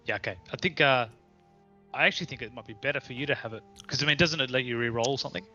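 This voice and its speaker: Bright-voiced man playing a tabletop game. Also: medium pitch, very fast, muffled recording, faint music behind. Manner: easygoing, chatty. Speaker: player. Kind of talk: casual tabletop play.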